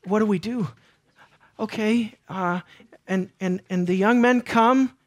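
Slowly and in a mid-range voice, a preacher pours earnest emotion into a sermon, circling back to repeated phrases and alternating between loudness and near-whispers.

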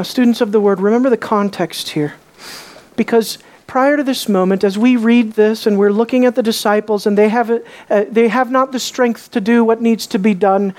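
A woman preaching a sermon, emphatic, asking her listeners questions and swinging between loud stresses and hushed lines. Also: high-pitched.

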